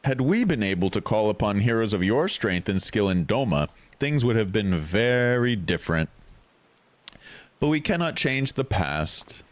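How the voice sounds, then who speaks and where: A man voicing a grave, formal older man in a game, speaking slowly. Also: lowish voice, sing-song. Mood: solemn.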